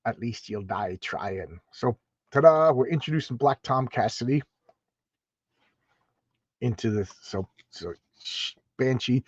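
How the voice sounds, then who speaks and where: Man, casual comic read-through, rambling asides, husky, lo-fi sound. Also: medium pitch, no echo. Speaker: comic book reviewer.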